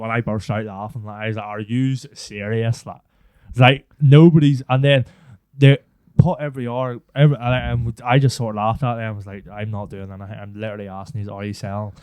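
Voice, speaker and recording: A young man, rambling through a story on a casual podcast and cursing freely along the way. His voice sits mid-range with a mellow, dark tone, recorded dry and close to the mic. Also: mid-range voice, fairly quick, clean tone, dry recording. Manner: rambling, swears freely, animated impressions. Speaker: podcast co-host.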